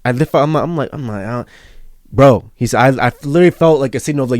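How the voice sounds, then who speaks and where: A man's voice: mid-range voice, quick pace, darkish tone, no room sound, studio quality. A young man as a podcast guest, telling a personal story in casual, earnest talk, repeating himself and saying bro and yo. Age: young adult.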